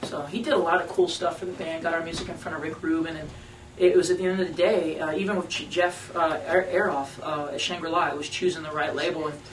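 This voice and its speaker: A man, a band member, telling a story to radio hosts in a lively, slangy storytelling manner. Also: on the high side, fast. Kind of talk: casual storytelling interview. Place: radio station conference room. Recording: roomy room, mic at a distance, faint noise.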